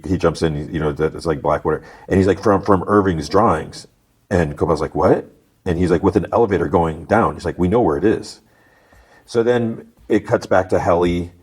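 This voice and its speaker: A man's voice: low-pitched, darkish tone, husky. A man hosting a podcast, casually recapping a TV episode in a rambling way, full of restarts and retold dialogue. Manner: rambling, retells scenes with many restarts and "he's like". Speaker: podcast host.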